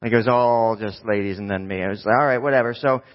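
A man's voice: on the low side, fairly even intonation, quick pace, dull audio. Casual rambling preacher man. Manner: casual, rambling, self-mocking storyteller. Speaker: pastor. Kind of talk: preaching a sermon with a personal story.

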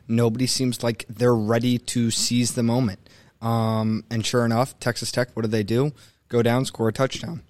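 Young male co-host, opinionated and animated, mid-pitched, dry close mic. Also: no echo. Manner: animated, opinionated, mimics coaches mid-rant. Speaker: sports podcast co-host. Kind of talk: casual sports talk.

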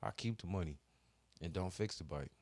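A man's voice: low voice, moderate pace, a little mellow, no echo. A man co-hosting a podcast in casual chat, telling a story with heavy cursing and slang. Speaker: podcast co-host.

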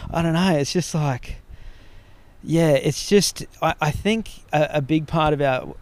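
Australian man, pitched a touch high. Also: measured pace, clean tone, no room sound. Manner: rambling, heavy swearing, tells stories. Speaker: podcast guest. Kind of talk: casual podcast conversation.

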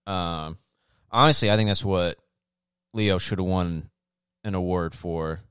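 A man's voice: deep voice, measured pace, fairly bright tone, clear, resonant tone, dry recording, clean studio sound. A young man co-hosting a podcast, chatting loosely and profanely and often slipping into mock voices. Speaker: podcast co-host. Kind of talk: casual chat.

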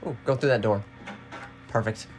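A woman co-hosting a casual let's-play, chatting and loudly coaching the player through fights. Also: a bass voice, normal speed, soft background music. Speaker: co-host watching a game being played.

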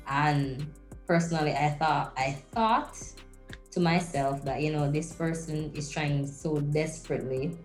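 A woman, co-hosting a podcast and telling a lively story in casual chat, slipping into patois. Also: sits low. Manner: animated storytelling with slips into patois. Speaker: podcast co-host. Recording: roomy echo.

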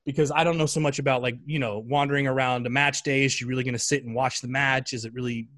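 A man telling a story in a casual chat, animated and full of fillers. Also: mid-range voice, quick pace. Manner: animated, chatty, many fillers.

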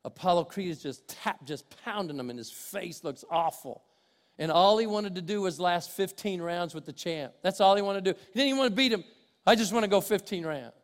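An older man preaching a sermon as pastor in a church, swinging from loud preaching to quiet, conversational asides. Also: high voice. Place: church sanctuary with congregation. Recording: long hall reverb.

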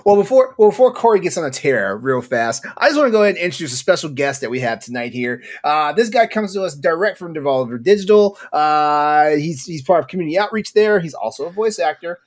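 A man with a fairly high voice hosts a casual podcast. He talks with easy energy and laughs often as he keeps the show moving. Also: lively intonation, fast talker, hardly any pauses. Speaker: podcast host.

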